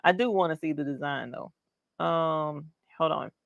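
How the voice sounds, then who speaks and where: A woman's voice: low-pitched, normal speed, gravelly, dry recording, dull audio. A woman hosting a casual livestream, reading the chat out and cheering for her viewers. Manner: bubbly, squeals and cheers at viewers.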